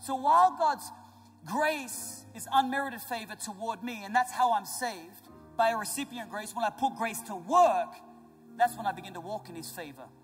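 High-voiced pastor preaching in a hall. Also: male voice, normal speed. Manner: emphatic, rising to loud declarations; joking asides with the congregation. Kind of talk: sermon. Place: church auditorium. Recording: large church hall with reverb and faint music.

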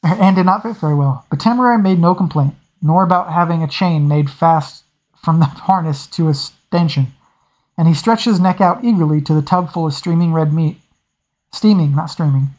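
An amateur reader narrating a fantasy novel at a middling pitch. The reading is informal, with frequent stumbles and quick self-corrections along the way. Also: a little mellow, poor audio. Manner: stumbles often and corrects itself, with the odd laugh. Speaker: audiobook reader.

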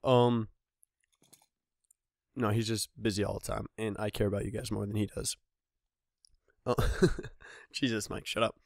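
A man's voice: fairly low pitch, flat delivery, a little slow, gravelly, long pauses, no room sound, clean studio sound. A young man hosting a gaming channel, giving solo let's-play commentary with joking, self-mocking, rambling asides.

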